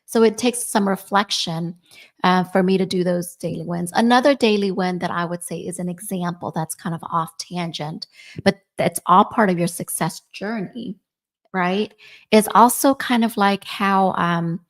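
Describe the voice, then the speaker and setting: A woman's voice: lowish voice, normal speed. A woman in her forties co-hosting a podcast in casual chat, often checking in with "right?". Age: 40s. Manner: chatty, often ends points with "right?". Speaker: podcast co-host.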